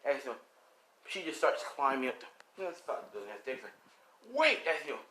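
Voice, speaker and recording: A young man tells an improvised story off the cuff, rambling along with plenty of fillers. His voice is bright and his pitch bounces around a lot. It sounds like a relaxed fan narration. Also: fast talker, slight background noise. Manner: rambling, full of "like" and "you know".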